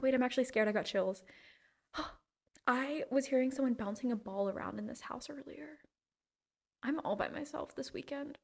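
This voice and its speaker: A woman hosts a solo podcast from home in a casual, meandering chat. Her delivery is playful and tangential. Her voice sits slightly higher than average. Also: moderate pace, gravelly, pauses often, a little mellow. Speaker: podcast host.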